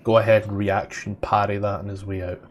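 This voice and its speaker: A Scottish man narrating and ruling as game master, easygoing, with fillers and throat clearing. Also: fairly low pitch, little pitch movement, a little fast, slight background noise.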